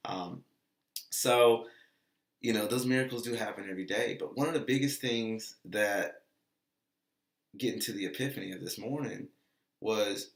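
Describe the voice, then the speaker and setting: A man's voice: lowish voice, fairly bright tone, echoey room. A man giving a casual, earnest motivational talk, repeating phrases and acting out bits of dialogue. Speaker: motivational vlogger and dog trainer.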